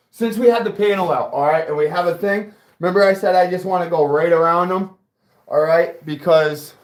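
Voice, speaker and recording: A man with a fairly high voice walks viewers through a car audio build in his workshop. He talks in a chatty, profane, casual way and keeps speaking directly to his audience.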